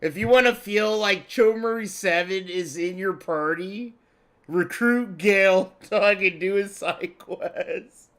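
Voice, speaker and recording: A man doing casual reaction commentary over a game stream, profane, excitable and rambling. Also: sits high, slow pace. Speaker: restream commentator.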